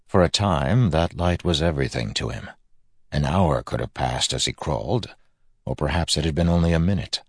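Deep, husky, grave audiobook narrator. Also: male voice, no room sound, studio quality. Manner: measured and grave.

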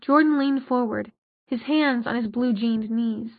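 A woman reading fiction aloud, in a steady, even storytelling manner. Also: on the high side, unhurried, dry recording. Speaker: audiobook narrator. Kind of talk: scripted fiction narration. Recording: dry, phone-like narrow sound.

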